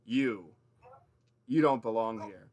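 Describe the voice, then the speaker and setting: A man's voice: lowish voice, takes it slowly, darkish tone, voice pushed down. A man playing a grim, formal shadow guardian. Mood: stern. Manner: formal, menacing, archaic phrasing.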